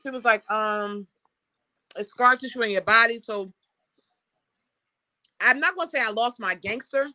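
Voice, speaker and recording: A woman hosting a casual talk show, telling a personal story in a frank, animated way with laughs. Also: a little high, measured pace, long pauses, dry recording. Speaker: host.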